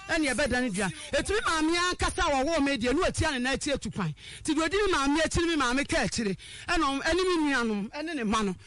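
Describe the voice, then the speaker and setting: A woman telling a personal story, animated, acting out the people she quotes and raising her voice at times. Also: sits high, no room sound.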